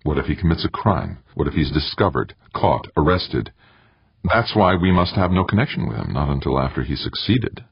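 A cool, coaxing woman schemer who pulls strings from behind the scenes, as a man reads her in an audiobook. The voice stays deep and husky, lifting a little for her. The recording is dry and slightly dull. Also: very animated, normal speed, dry recording, exaggerated voice. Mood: coolly persuasive. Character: calm, manipulative woman schemer.

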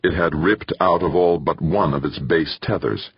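A man narrating an audiobook in a steady, somber way. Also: very deep voice, moderate pace, husky. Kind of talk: scripted narration. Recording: muffled dry recording.

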